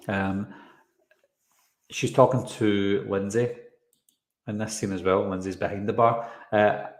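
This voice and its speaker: In a roomy, echoey space, a man with a fairly low voice hosts a casual live stream, loosely breaking down a trailer. He rambles, often goes off on tangents, and pauses to read and answer viewers' comments.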